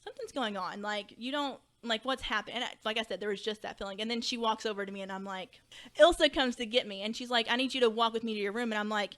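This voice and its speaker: A young woman from Kentucky, a teacher and podcast guest, telling a personal story in animated conversation and acting out past dialogue. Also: a little high, fast.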